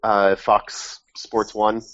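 A man's voice: fairly low pitch, completely flat delivery, drawn-out words, fairly bright tone, dry recording, highs cut off. A man hosting a casual sports podcast over a remote call, talking wryly and correcting himself as he goes. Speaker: podcast host. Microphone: remote call mic.

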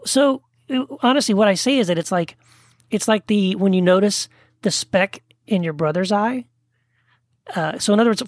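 Animated Texan-raised man telling stories. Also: sits high, no echo, clean studio sound. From Texas. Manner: animated storyteller, acts out quotes. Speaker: podcast guest, author. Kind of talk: casual conversation.

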